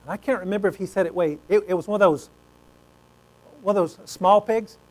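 A male preacher tells a story in a folksy, conversational way. His voice sits high for a man. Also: fairly quick, poor audio. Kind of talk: sermon.

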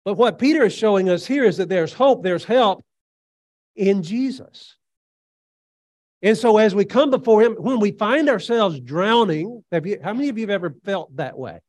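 A man with a slightly higher voice delivers an earnest sermon, pausing often on fillers while he retells a scripture story. The sound is dry and close, with almost no room echo. He drops low and quiet on reflective lines, then lifts his voice for quoted speech. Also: lively intonation. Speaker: preacher.

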